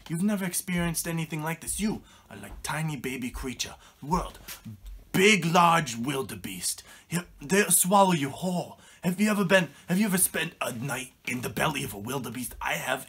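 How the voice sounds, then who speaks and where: A man playing an eccentric, melodramatic father in a comedy sketch, talking theatrically and swinging from hushed whispers to loud outbursts. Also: mid-range voice, fairly quick, few pauses, a little hiss or hum, lightly acted. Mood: dramatic.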